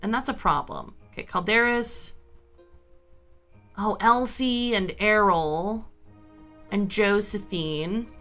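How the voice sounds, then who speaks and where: A woman's voice: mid-range voice, takes it slowly, pauses often, a bit bright, soft background music. A woman livestreamer chatting casually with her viewers while she plays a game, rambling from topic to topic. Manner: chatty and rambling, talks to chat. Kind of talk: casual chat while gaming.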